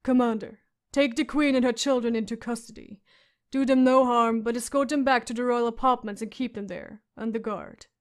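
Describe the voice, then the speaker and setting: Grim steady lord, slow and firm, woman reading him. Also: on the high side, lightly acted. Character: grim, steady lord, middle-aged man. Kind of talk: audiobook character voice.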